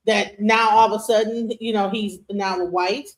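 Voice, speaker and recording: Animated woman host reacting to clips. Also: on the high side, moderate pace. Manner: animated, incredulous, emphatic. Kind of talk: reaction commentary.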